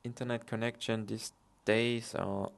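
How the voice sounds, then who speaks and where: Slow, gravelly-voiced man co-hosting a podcast. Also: medium pitch, level tone. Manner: chatty, laughs off technical trouble. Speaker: podcast co-host. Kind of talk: casual podcast chat. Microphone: online call setup.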